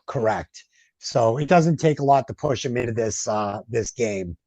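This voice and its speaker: A man's voice: medium pitch, moderate pace, darkish tone, no room sound. A man hosting a podcast, casually recapping a film with many fillers and asides. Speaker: podcast host. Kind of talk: casual movie review chat.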